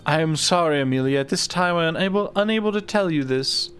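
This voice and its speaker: A man voicing a solemn female sphinx guardian, reading game lines in a slow, stately way. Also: on the high side, fairly bright tone, smooth, faint music behind, close to an everyday voice. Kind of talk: reading game dialogue aloud.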